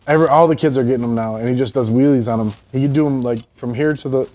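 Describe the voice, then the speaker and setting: A man in casual interview chat, telling stories in a profane, animated way. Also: mid-range voice, quick pace. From Buffalo, New York. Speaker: guest. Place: his store.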